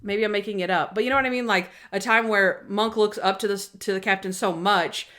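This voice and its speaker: A woman co-host in a mid-range voice, talking in a relaxed, conversational way about a TV episode. She retells scenes with energy, jumping into little voices for the characters' lines. The delivery stays loose and unscripted. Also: medium pitch, fairly quick. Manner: lively retelling that acts out quoted lines. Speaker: podcast co-host. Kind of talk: casual chat recapping a TV episode.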